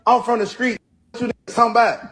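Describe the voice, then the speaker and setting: A man's voice: very high-pitched, steady tone, quick pace, fairly bright tone, faint music behind. A man in a played clip, ranting defiantly and repeating himself, tacking "boy" onto his lines. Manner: repetitive, defiant, keeps saying "boy". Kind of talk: heated ranting monologue.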